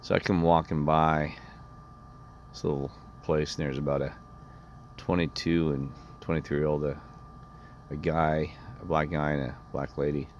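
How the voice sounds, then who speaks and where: A man's voice: extremely low pitch, flat delivery, unhurried, pauses often, lo-fi sound, a little hiss or hum. A man telling a rambling personal story in an indignant, meandering way, often restarting his sentences. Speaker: vlogger.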